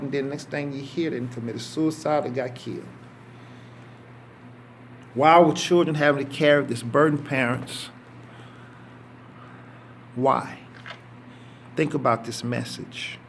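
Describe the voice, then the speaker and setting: Impassioned preacher. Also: male voice, fairly high pitch, slight background noise. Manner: impassioned, emphatic preaching with drawn-out stresses. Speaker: minister. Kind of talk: sermon.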